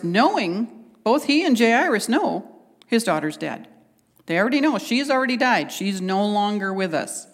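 A woman's voice: mid-range voice, big-room sound. A woman preaching a conversational sermon, retelling scripture and acting out the quotes with animation.

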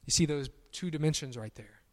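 A pastor preaching a sermon, emphatic on his declarations and softer on quiet asides. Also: a little high, fairly quick. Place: church sanctuary. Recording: long church reverb.

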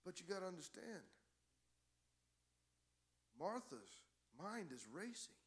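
A man preaching a sermon as pastor, building to loud, emphatic exhortation. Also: sits high, very animated, takes it slowly.

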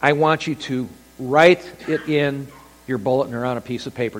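A man preaching a sermon as pastor, telling stories with animated delivery and acting out quoted voices. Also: medium pitch, moderate pace. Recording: long hall reverb.

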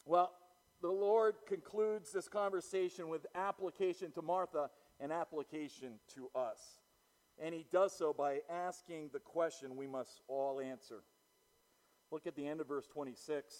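A man's voice: on the high side, steady tone, normal speed, darkish tone, big-room sound, rough recording. A man preaching a sermon as pastor to his church, emphatic, swelling and falling back, often repeating words.

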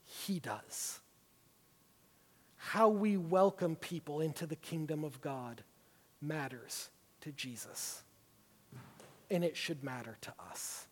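A man's voice: on the high side, measured pace. A man preaching a sermon, teaching through a Bible passage with emphatic stresses. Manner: emphatic, builds to forceful stresses. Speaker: pastor. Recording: long hall reverb.

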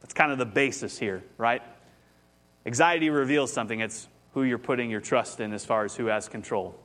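A man's voice: medium pitch, fairly quick, a bit bright. A man, preaching a conversational sermon as pastor, telling a story and rising with animation.

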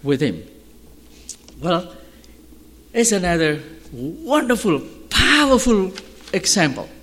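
A man preaching as a pastor, telling stories in an animated way and shouting at the high points. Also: takes it slowly. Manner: animated storytelling, shouting at peaks. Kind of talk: sermon storytelling. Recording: long hall reverb.

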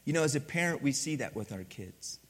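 A middle-aged man preaching a sermon as pastor, telling stories with lively acted-out dialogue. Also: mid-range voice, a little fast, breathy edge. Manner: animated storytelling, acts out dialogue.

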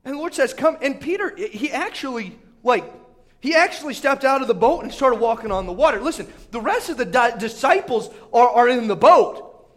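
A man preaching a sermon, retelling a story in animated fashion, full of fillers and repeats, swinging between shouts and hushed asides. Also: very high voice, normal speed. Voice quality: filler-heavy, repetitive.

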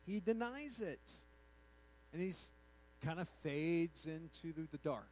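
Animated high-voiced man preaching a sermon. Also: slow, a little hiss or hum, rough recording. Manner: animated, acts out quotes, conversational asides. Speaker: pastor.

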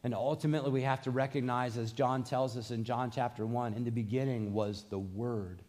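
A man's voice: medium pitch, steady tone, fairly quick, darkish tone. A man preaching a sermon as a pastor, reading scripture and asking the congregation earnest rhetorical questions.

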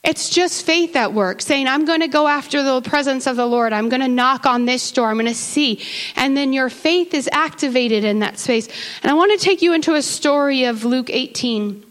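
A woman with a high voice preaches a sermon to her congregation. She talks to them casually at times, then builds to passionate, urgent appeals. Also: normal speed, fairly bright tone. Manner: rises to impassioned crying out; conversational asides to the congregation. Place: church sanctuary.

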